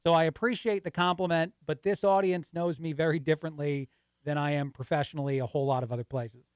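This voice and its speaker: A man's voice: a little high, steady tone, quick pace, clear, resonant tone, dry recording, clean studio sound. A man guest-hosting talk radio, casual and rambling, laughing easily.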